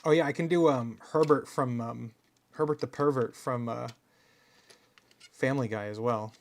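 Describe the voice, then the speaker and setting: Streamer, male, gravelly voice, rambling, self-mocking chat during a hands-on repair. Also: medium pitch, moderate pace. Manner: murmurs to himself while working. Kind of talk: casual live-stream chat while repairing hardware.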